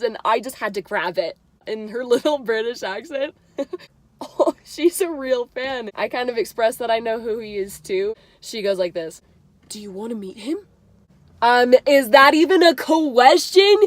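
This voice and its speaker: A young woman telling a story to her vlog audience, chatty and excitable and full of "like.". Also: medium pitch, dry recording. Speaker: vlogger. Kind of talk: casual storytelling.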